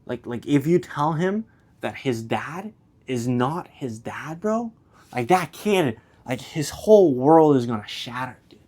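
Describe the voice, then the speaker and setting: A young man thinks out loud to his camera at a middle pitch. He rambles and restarts often. He drops casual slang and swears freely. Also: animated, measured pace. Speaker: vlogger. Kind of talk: rambling philosophical monologue to camera.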